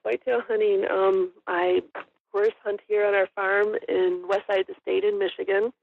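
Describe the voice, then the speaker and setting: A woman's voice: medium pitch, little pitch movement, normal speed, creaky, narrow, tinny audio. A middle-aged woman, a guest on an interview podcast, talking casually and rambling with lots of ums and little laughs. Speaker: guest, hunter and store owner.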